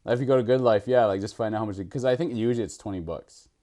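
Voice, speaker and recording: A man's voice: lowish voice, rapid-fire, warm tone. A man hosting a podcast, chatting casually and rambling with frequent laughs. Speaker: podcast host. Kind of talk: casual chat.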